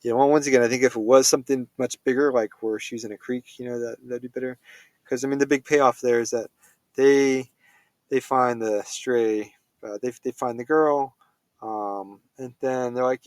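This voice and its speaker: A man's voice: mid-range voice, fairly even intonation, moderate pace, a little mellow, dry recording. A man giving a casual spoken film review, rambling with many fillers and self-corrections.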